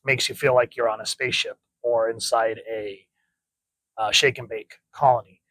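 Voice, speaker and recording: An enthusiastic young man talks through a comic book, pointing out details of the art in a casual, chatty way. His voice sits at an ordinary middle pitch, and the recording is close and dry with no room echo. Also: fairly even intonation, moderate pace, fairly bright tone. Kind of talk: casual comic review with dramatic reading.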